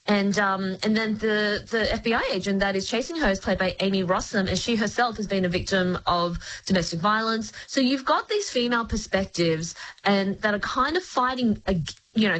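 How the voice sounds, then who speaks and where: A woman chatting as a guest critic, explaining shows at length in an articulate, lively way. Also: medium pitch, low-quality recording. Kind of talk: casual review chat.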